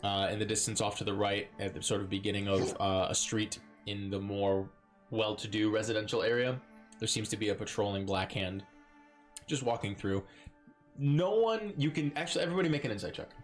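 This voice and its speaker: A man's voice: lowish voice, steady tone, fairly quick, faint music behind. A man narrating as dungeon master of a live-streamed tabletop game, playful and rambling, often breaking into laughter.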